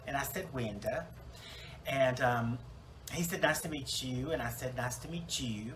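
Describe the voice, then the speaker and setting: A man's voice: medium pitch, a little slow, fairly bright tone, slight background noise, close to an everyday voice, low-quality recording. A man voicing a chatty, self-absorbed woman salon owner newly dead in heaven, rambling with fillers and restarts in a comic church monologue. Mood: wry rambling. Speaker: preacher in character.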